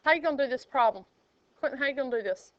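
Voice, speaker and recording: High-voiced teasing woman teacher. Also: expressive, racing, no room sound. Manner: teasing, joking with students. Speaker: math teacher. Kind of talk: classroom teaching. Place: classroom. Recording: dull lo-fi classroom recording.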